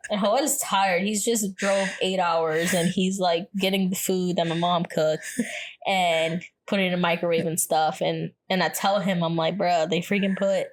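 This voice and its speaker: A young pregnant woman co-hosting a podcast, telling animated stories in casual chat and laughing often. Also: lowish voice, moderate pace. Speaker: podcast co-host.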